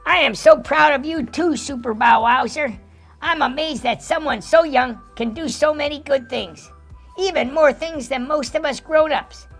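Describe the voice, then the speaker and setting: A woman's voice: high-pitched, normal speed, soft background music. A woman voicing a squealing banana-loving puppet monkey. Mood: excited. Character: excitable banana-loving monkey, grown-up, generous. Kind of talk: kids' puppet show.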